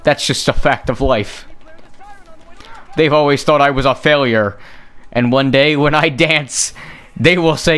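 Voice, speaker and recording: A man's voice: mid-range voice, measured pace, long pauses, fairly bright tone, clean tone. A young man giving casual gameplay commentary, rambling on tangents and joking at his own expense. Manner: rambling, joking, self-mocking. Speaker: gaming streamer.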